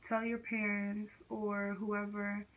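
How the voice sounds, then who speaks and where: A woman's voice: mid-range voice, monotone, takes it slowly, muffled recording. A teenage girl vlogger telling a personal story in casual, slangy speech full of fillers.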